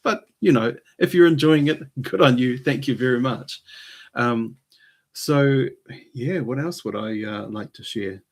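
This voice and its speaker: A man, possibly middle-aged, hosting his own live stream from New Zealand, rambling in a hesitant way with many pauses and fillers. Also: mid-range voice. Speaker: channel host. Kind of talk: casual live-stream monologue.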